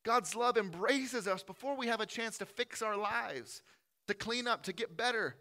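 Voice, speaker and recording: A man preaching a sermon in a church, impassioned, building to loud lists and dropping to soft pleading. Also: sits high, moderate pace. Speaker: pastor.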